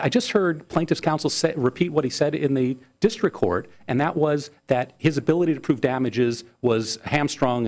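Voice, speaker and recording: A man's voice: medium pitch, a little mellow. A man arguing as an attorney before appellate judges, earnest and insistent, often repeating words as he presses his point. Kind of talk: courtroom oral argument.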